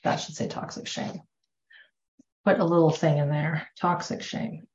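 Her deep, darkish voice stays fairly even in intonation and runs a little slow. Teaching a somatic therapy class, she talks conversationally, corrects herself mid-stream and acts out quoted remarks, all recorded in an echoey room with dull, lo-fi audio.

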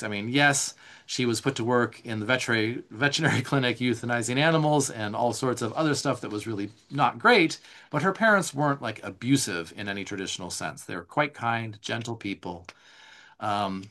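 A man leads a live online teaching session in an easy, unscripted way. He talks a worksheet through line by line, with plenty of "like", restarts and self-corrections. His voice sits at an ordinary middle pitch. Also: a bit bright. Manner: conversational, loose, with frequent "like" and restarts.

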